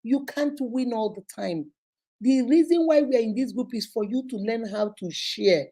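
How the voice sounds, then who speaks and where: Nigerian lady host, high warm voice, chatty advice talk, laughs a lot. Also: normal speed. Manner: animated, laughs often, acts out phone calls. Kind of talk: casual live advice chat.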